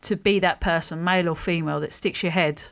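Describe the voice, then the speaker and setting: A woman hosting a podcast, chatty and quick to laugh, at times dropping her voice to a hush. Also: on the low side, steady tone. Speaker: podcast host. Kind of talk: casual podcast interview.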